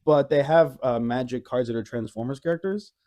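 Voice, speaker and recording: A man co-hosting a casual podcast, telling a lively story with many fillers and frequent laughs. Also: mid-range voice, brisk. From Arizona. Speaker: podcast co-host. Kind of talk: casual chat.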